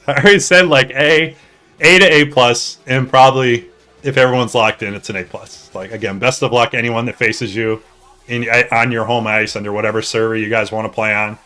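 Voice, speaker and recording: Bright-voiced man chatting live to stream. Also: medium pitch, fairly quick. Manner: excitable, jokey, talks to chat, swears. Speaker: streamer hosting a hockey league draft. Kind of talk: casual live-stream chat.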